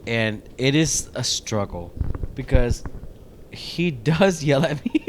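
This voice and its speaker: A man's voice: medium pitch, slow pace, a little hiss or hum. A man co-hosting a podcast in casual chat, telling a rambling story full of swearing. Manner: animated, rambling, swears a lot. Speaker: podcast co-host.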